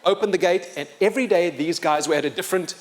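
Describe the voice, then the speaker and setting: A man's voice: high voice, fast. A man telling a story live to an audience, acting out the people in it. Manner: animated, acts out the people in his story. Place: open-air pavilion.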